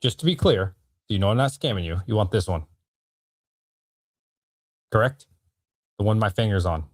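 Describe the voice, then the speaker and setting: A man's voice: lowish voice, animated, moderate pace, no echo, clean studio sound. A man in his thirties chatting casually with a live-stream audience while selling and opening trading cards, in a slangy, joking way. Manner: laid-back slangy talk, frequent "bro" and laughter.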